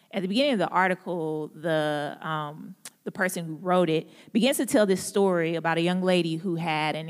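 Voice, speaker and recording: A young woman speaking at a church gathering, who opens with prayer and then gives a casual, relatable talk full of jokes and laughs. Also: lowish voice. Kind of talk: conversational devotional talk opened with prayer. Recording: echoey hall with long reverb.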